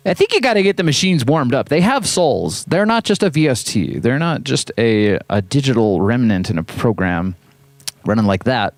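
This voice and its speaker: A man chatting through a hands-on synth jam, his pitch bouncing up and down as he talks. He jokes and wanders off on little tangents between tweaks. The sound is dry and close, with no room around it. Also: sing-song, normal speed, no room sound. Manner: playful, joking, rambling asides. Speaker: host and synth musician. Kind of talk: casual hands-on synth demo chat.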